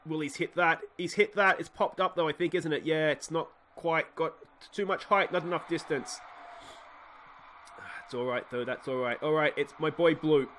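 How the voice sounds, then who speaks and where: An Australian man giving excitable play-by-play commentary on a baseball sim game, swinging from muttered asides to shouted cheering at a desktop microphone. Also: a little high, normal speed, a little hiss or hum. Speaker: let's play host.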